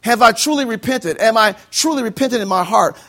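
A man preaching a sermon as pastor, animated and acting out conversations. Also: very high voice, fairly quick.

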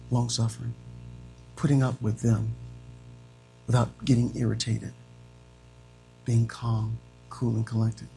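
A gravelly-voiced male preacher delivers a sermon. He climbs to shouted, high-pitched peaks, then drops to soft, hushed phrases. Faint music plays underneath. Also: poor audio. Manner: swings between shouting and soft, dramatic delivery.

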